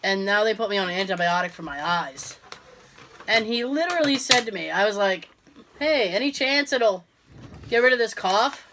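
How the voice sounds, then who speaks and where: Brief: female podcast co-host, fighting a cough, animated voice that swings up and down, acts out every quote. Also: mid-range voice, normal speed, slight background noise. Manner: animated storytelling, acting out quotes, laughing often. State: sick with a cough. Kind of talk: casual chat.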